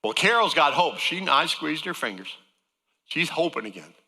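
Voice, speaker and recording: A man's voice: a little high, big pitch swings, moderate pace, pushed and bright, in a large hall. A man giving a folksy, joking personal testimony as a guest speaker to a church congregation.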